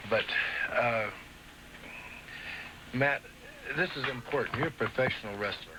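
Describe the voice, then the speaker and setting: Brief: male wrestling promoter, stammering and soothing, noisy old TV audio. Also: medium pitch. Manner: halting, stammering, placating. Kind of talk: staged wrestling promo confrontation.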